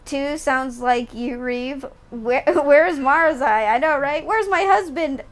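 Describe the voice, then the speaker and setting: A woman's voice: high voice, slow. A young woman at home giving chatty, giggly live commentary while she plays a game. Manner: giggly, chatty, reacts with bursts of laughter. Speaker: game streamer.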